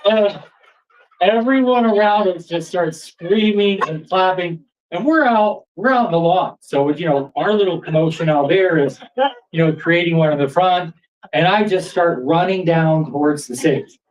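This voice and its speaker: A man telling a true story at a live storytelling event in a pub, animated and building excitement. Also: sits high, moderate pace, distant mic, rough recording. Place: pub stage before an audience.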